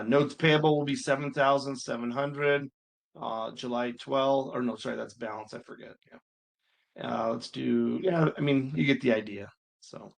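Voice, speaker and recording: A male instructor talks his students through accounting homework in a relaxed, unscripted way. His voice sits at an ordinary pitch with a gravelly fry. He thinks aloud as he works and lets some mild exasperation slip through. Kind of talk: screen-recorded homework walkthrough.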